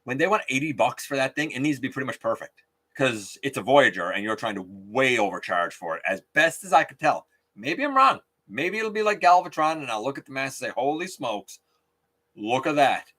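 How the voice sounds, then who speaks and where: A man hosts a casual live stream, talking freely and greeting viewers by name. His pitch swings widely from phrase to phrase. His tone is bright and forward. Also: very animated, a little fast. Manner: chatty, reads viewer comments aloud, outspoken.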